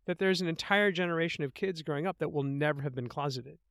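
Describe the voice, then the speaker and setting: Animated middle-aged male guest. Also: a little high, fast talker, no echo, clean studio sound. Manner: animated storyteller, thoughtful. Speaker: interview guest, writer. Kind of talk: conversational interview.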